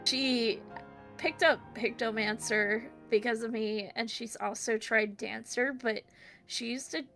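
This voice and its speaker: A woman's voice: a little high, steady tone, measured pace, pushed and bright, faint music behind. A woman guest in a casual chat about a video game, giggly and hesitant, with many fillers.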